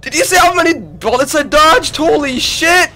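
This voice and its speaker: High, bright excitable male streamer. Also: normal speed, slight background noise. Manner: excitable, loud exclamations and swearing. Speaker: gaming streamer. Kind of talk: live gameplay commentary.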